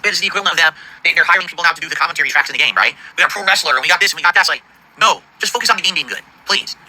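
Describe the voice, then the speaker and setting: A middle-aged man livestreaming, ranting in an indignant, profane, rapid-fire way about his audience and the games industry. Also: on the high side, bright, forceful tone, poor audio. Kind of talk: angry stream rant.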